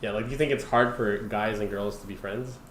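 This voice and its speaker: A man's voice: fairly low pitch, fairly even intonation, brisk, crowd noise. An American man in his thirties, laid-back and a little hesitant, hosting a casual online voice chat. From United States. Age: 30s. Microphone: online voice call. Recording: roomy echoing mic.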